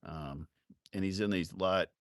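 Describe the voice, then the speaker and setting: A man's voice: sits low, measured pace, gravelly, dry recording, studio quality. A man telling rowdy, profane bar stories in a live stream, often laughing as he talks. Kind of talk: casual storytelling.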